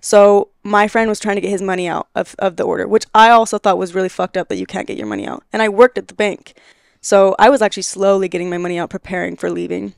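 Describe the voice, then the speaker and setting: A young woman in her twenties with a smooth, clear voice, telling a story as a podcast guest. She is animated and laughs often, acting out quoted lines as she goes. The sound is dry and close, with no room echo. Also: mid-range voice, quick pace. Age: 20s. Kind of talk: casual storytelling conversation.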